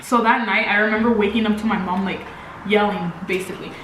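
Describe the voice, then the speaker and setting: A woman's voice: mid-range voice, fairly even intonation, fast talker, a bit bright, slight background noise. A young woman co-hosting a vlog, telling stories casually and rambling with lots of fillers. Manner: rambling, filler-heavy, 'like' often. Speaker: vlog co-host. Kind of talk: casual storytelling chat. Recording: echoey room, mic at a distance, faint music.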